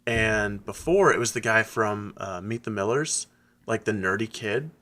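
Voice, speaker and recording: Excitable bright-voiced man on a podcast. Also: on the low side, a little slow. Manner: excitable, laughs often, acts out quotes. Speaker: podcast co-host. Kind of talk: casual chat.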